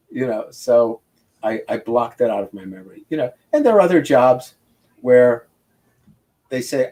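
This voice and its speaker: Animated and a little fast, this older man's warm, mid-range voice fills a casual video interview where he's the guest, a comic book inker discussing his craft. He rambles through stories, restarting his sentences as he thinks out loud.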